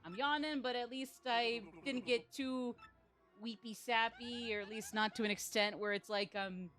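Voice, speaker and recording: A woman's voice: on the high side, fairly even intonation, normal speed, a bit bright, soft background music. A sleep-deprived young woman streaming a game, chatting casually in a rambling, self-deprecating way. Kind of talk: casual live-stream chat.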